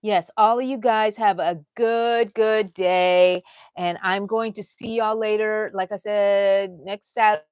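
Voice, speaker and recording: A woman's voice: mid-range voice, fairly even intonation, unhurried, darkish tone, clear, resonant tone, dry recording. Chatty woman crafting on livestream. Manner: chatty, rambling, reads out viewer comments. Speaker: crochet livestream host. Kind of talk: casual livestream chat.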